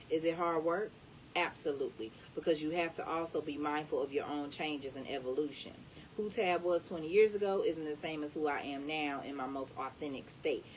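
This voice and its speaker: A woman with a deep, low voice reads an inspirational book aloud, leaning hard into the words to encourage the listener. She sits a little back from the mic, and a faint low rumble runs underneath. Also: recorded from a distance, poor audio. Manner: emphatic, encouraging delivery. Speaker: reader.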